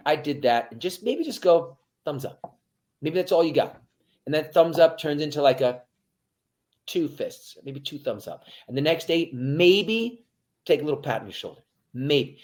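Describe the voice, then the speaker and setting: Animated man, lively pitch. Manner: animated, swings from hushed to loud; addresses listeners directly. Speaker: guest, military veteran. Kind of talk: motivational interview talk.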